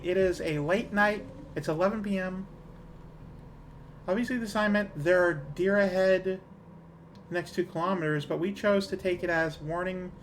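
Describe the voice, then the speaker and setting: Chatty man, raised pitch. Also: a bit bright, slight background noise. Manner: chatty, rambling, laughs at own jokes. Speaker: game streamer. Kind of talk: casual game-stream chat.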